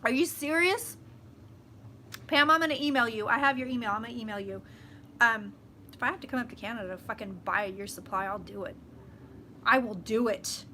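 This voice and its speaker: A woman chatting casually with her viewers on a live stream, swearing freely and swinging loud and soft as she talks. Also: on the high side, a little fast, long pauses, a little hiss or hum. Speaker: psychic vlogger hosting a live stream.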